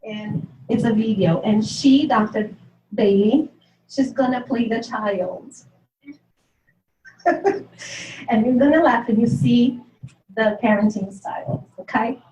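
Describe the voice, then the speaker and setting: A woman's voice: fairly high pitch, slow, pauses often, mellow, highs cut off. A woman presenting at a conference for parents, talking casually to the audience, chatty and laughing often at herself. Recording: echoey hall, mic far off, faint noise.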